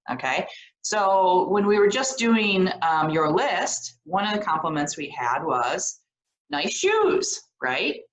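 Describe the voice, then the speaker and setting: A woman leading a social skills lesson for students, animated and often checking in with short questions. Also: on the low side. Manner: animated, keeps checking in with "okay?". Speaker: program director teaching social skills. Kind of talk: lively classroom video lesson. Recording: echoey room.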